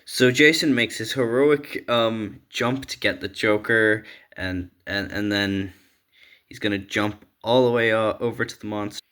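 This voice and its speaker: Low-ish guy rambling through a comic story, lots of ums and laughs. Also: steady tone, a little slow, fairly bright tone, clean tone. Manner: rambling with many fillers and laughs. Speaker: comic recap vlogger. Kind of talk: casual storytelling.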